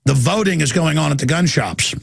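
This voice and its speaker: A man's voice: fairly high pitch, lively intonation, brisk, gravelly, breathy edge, no room sound, studio quality. A man hosting a call-in radio talk show, ranting and sarcastic as he takes callers. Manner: ranting, sarcastic, mocking put-on voices.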